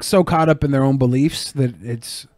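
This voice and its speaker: A man's voice: mid-range voice, moderate pace, a little mellow, no echo, clean studio sound. A man co-hosting a podcast who rambles through joking stories and swears often. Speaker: podcast co-host. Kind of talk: casual show chat.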